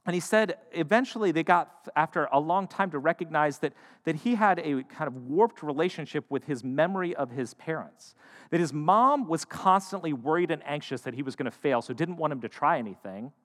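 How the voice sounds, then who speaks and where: A man preaching a sermon, shifting between loud emphatic lines and hushed, quiet ones. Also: a little high, animated, a little fast. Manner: dynamic, swings from loud to hushed. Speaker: pastor. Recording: long hall reverb.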